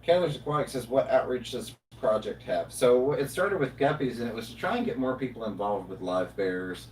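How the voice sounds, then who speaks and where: A man hosting a casual livestream chat, talking in a relaxed, rambling way with lots of fillers. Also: medium pitch, normal speed. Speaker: livestream host. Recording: roomy, distant mic, faint noise.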